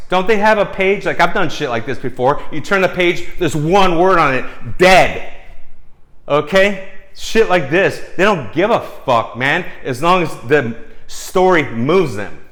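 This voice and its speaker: A man's voice: a little high, fairly bright tone. A man ranting angrily at a critic to camera, swearing constantly and mocking him, often tagging lines with "okay?" and "dude.". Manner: heated, profane, mocking, repeats "okay?" and "dude". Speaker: screenwriter and video host. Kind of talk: angry profane rant to camera.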